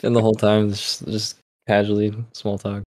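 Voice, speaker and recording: A man's voice: on the low side, completely flat delivery, moderate pace, darkish tone, dry recording, studio quality. A man in a casual podcast chat, joking around and laughing often. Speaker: podcast co-host.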